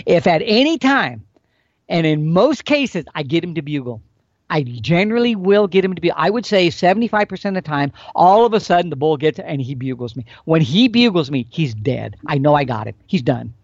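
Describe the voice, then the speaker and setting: Animated folksy man explaining. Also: on the high side, normal speed, no echo. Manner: animated, folksy, demonstrating with expressive swings. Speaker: elk hunting expert guest. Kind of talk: casual instructional explanation. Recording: dull, dry recording.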